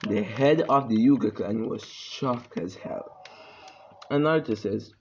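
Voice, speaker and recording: A man's voice: on the low side, a little slow, a little mellow, a little hiss or hum. A man casually retelling a fan story, rambling with many fillers and restarts, on a dull lo-fi recording.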